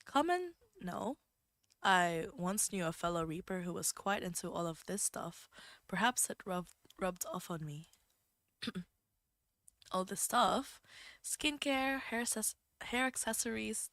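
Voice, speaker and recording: A woman's voice: mid-range voice, expressive, a little slow, a bit bright, no room sound. A woman reading a dry, teasing Grim Reaper. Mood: reserved.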